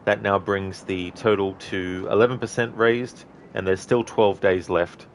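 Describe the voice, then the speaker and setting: A man's voice: fairly low pitch, steady tone, measured pace, a little hiss or hum. A man casually commenting on his live game stream, answering and thanking viewers in chat with frequent ums and self-corrections. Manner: chats with viewers, reads and answers chat messages. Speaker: livestreamer.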